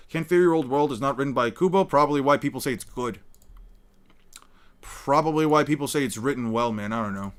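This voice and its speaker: A man reading comic dialogue aloud in a flat monotone, then breaking into loud, sweary rants in a casual way. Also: medium pitch, a little fast. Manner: casual, fillers like "man" and "dude". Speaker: manga reader and reviewer. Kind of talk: reading manga aloud with reaction commentary.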